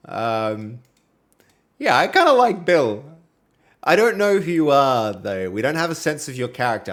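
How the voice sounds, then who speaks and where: A young Australian man streaming while he codes, chatting casually with viewers and reading their messages aloud, with a friendly manner and plenty of fillers. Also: mid-range voice. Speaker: livestreaming programmer. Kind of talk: casual live-stream chat while coding.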